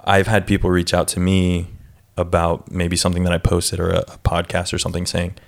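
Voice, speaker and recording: A man with a very deep, low voice talks casually as a podcast co-host. He reflects on his coaching and slows down on key words to stress them. His tone stays thoughtful and conversational. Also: monotone, vocal fry.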